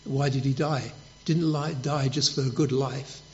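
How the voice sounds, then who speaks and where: A man's voice: medium pitch, fairly even intonation, normal speed, a little mellow. A man preaching a sermon, telling stories and asking rhetorical questions with emphasis. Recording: dull lo-fi recording.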